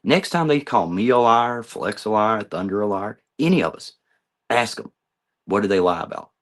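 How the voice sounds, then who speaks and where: A man's voice: lowish voice, animated, normal speed, a bit bright. A middle-aged man ranting heatedly at people he names, confrontational and swearing often, in a video monologue. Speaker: vlogger.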